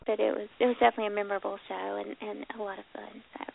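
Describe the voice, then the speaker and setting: Woman, radio co-host, casual chat, laughing, gravelly, phone-like sound. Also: medium pitch, flat delivery, rapid-fire, slight background noise. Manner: chatty, laughing, puts on mock British voices. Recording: tinny phone-like line.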